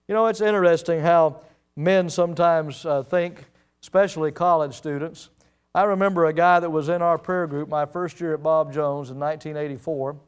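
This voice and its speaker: Middle-aged guy preaching, tells stories, acts out quotes, highish clear voice. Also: normal speed. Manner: storytelling, acts out the quoted lines. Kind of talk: sermon.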